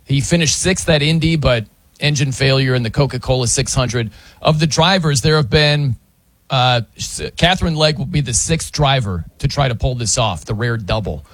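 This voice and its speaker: A man hosting casual sports talk, animated and quick to laugh. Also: mid-range voice, dry recording. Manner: animated, laughs often, slips into mock announcer voices.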